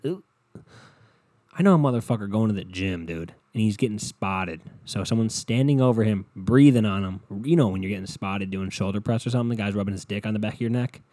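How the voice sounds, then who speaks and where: A man hosting a solo podcast, ranting casually with lots of swearing, swinging between low mutters and loud exasperated outbursts. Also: no room sound, clean studio sound. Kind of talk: casual comedic rant.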